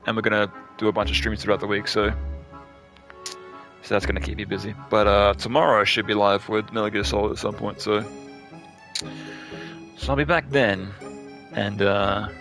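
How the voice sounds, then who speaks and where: A man casually chatting while playing a game on stream, relaxed and a bit salty. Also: fairly low pitch, normal speed, pauses often. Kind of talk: casual let's play chat. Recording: game music behind.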